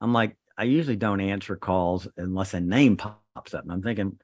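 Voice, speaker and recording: Middle-aged male host, low voice, dry close sound, lively storyteller. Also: moderate pace, few pauses, no room sound. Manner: animated, acts out other people's voices in his stories. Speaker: podcast host and trauma surgeon. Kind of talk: casual storytelling on a podcast.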